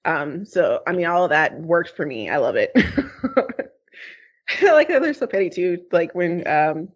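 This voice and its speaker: A woman's voice: lowish voice, sing-song. A woman chatting casually as a podcast co-host, rambling and laughing often. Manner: giggly, rambling, quick to laugh. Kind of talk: casual chat. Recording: slightly dull lo-fi sound.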